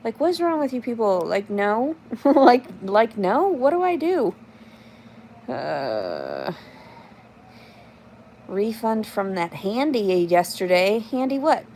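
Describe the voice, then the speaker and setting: A woman's voice: medium pitch, sing-song, slow, pauses often, warm tone, a little hiss or hum. A woman in her thirties livestreaming in casual chat, reading out comments and answering them in a blunt, profane, rambling way.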